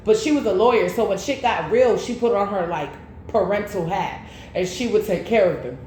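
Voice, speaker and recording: Animated woman in an echoey room. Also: medium pitch, moderate pace. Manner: animated storytelling with slang. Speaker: tarot reader. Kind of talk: casual chat. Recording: echoey room with faint noise.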